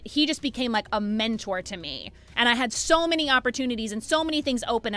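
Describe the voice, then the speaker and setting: A woman's voice: on the high side, bright, forceful tone. A woman in her twenties, a streamer delivering a fired-up, emphatic rant to her chat, with some swearing. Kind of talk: livestream rant.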